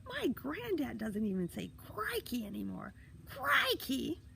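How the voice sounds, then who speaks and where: A woman voicing a squeaky, cheeky young boy who yells teasingly from up in a tree. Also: very animated, normal speed, creaky, a little hiss or hum, heavily acted. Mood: mocking. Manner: loud, teasing, laughing wildly.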